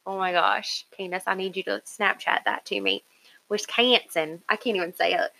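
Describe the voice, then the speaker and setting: A woman co-hosts a podcast in loose, casual chat. She talks in an excitable, chatty way and giggles often. Her voice is bright and forceful. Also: medium pitch, moderate pace, creaky, rough recording. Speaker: podcast co-host.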